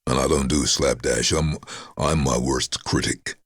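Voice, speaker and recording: A man with an extremely low baritone and a husky grain to his speech. He is a middle-aged voice-over artist chatting in an interview, telling lively stories and acting out the people he quotes. The sound is dry, with no room echo. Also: unhurried. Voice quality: deep baritone. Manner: storytelling, animated, acts out quoted voices. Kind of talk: casual interview over remote call.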